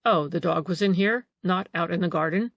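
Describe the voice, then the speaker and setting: A woman voicing a calm male police detective in an audiobook, pressing with questions. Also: fairly low pitch, brisk, creaky, no echo, highs cut off. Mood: probing. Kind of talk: audiobook character reading.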